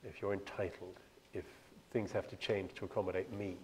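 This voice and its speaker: A man with a plummy British accent speaks on a panel discussion. He picks his words slowly and with hesitation, in a low, self-deprecating voice. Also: flat delivery, a little mellow. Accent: British, Cambridge-educated. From Ireland.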